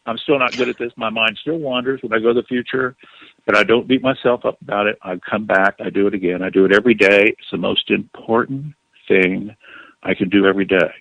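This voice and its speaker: Male author guest, animated storyteller, dry slightly dull radio recording. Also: on the low side, a little fast, creaky, dry recording. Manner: animated, acts out quotes. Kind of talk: storytelling in an interview.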